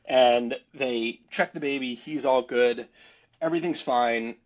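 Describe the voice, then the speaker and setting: A man's voice: mid-range voice, measured pace. A man on a podcast telling a story casually and animatedly, rambling and laughing between lines. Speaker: podcast guest. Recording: dull lo-fi sound.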